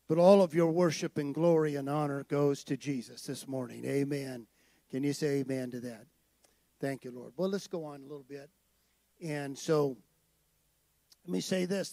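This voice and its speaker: A man preaching with a high, gravelly voice, talking to his congregation and then pressing his points hard. The sound is dry and close, with no room echo. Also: dark tone. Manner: conversational preaching, rising to emphatic declarations. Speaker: pastor. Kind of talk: sermon.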